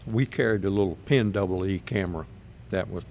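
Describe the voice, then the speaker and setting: Very deep-voiced older man, unhurried. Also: darkish tone, slight background noise. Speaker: Vietnam veteran guest. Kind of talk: casual storytelling.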